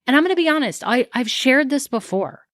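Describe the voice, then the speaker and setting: A middle-aged woman hosting a casual solo podcast as a business coach, chatty and acting out her own thoughts in quick asides. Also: sits high, animated, fairly bright tone, no echo, clean studio sound.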